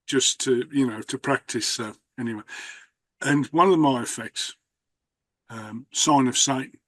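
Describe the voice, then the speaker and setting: A man's voice: mid-range voice, measured pace, a bit bright, dry recording. A man hosting a conversation, telling rambling stories with many restarts. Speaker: host, magician. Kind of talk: casual conversation.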